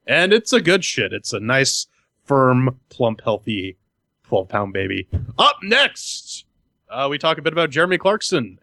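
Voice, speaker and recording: Dude cohosting a game podcast, bright edgy voice, sarcastic and crude, dry mic. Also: male voice, medium pitch, no room sound. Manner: crude, sarcastic, stammering restarts. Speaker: podcast co-host. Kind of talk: casual podcast banter.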